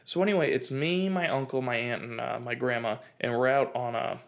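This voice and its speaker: A gravelly, fry-edged voice at a middling pitch belongs to this American man in his twenties. He hosts a casual comedic rant, rambling through anecdotes with lots of fillers, speaking a little fast with fairly even intonation.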